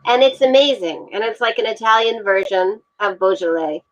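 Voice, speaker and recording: A woman's voice: medium pitch, lively intonation, normal speed. Chatty woman on a dull video call. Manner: chatty, hesitant with ums and restarts. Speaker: wine guest. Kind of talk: casual livestream chat.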